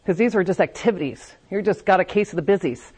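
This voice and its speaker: A woman's voice: fairly low pitch, lively intonation, fast, a little mellow, husky. A woman speaking candidly at a recovery meeting, giving a confessional personal testimony and often restarting her sentences.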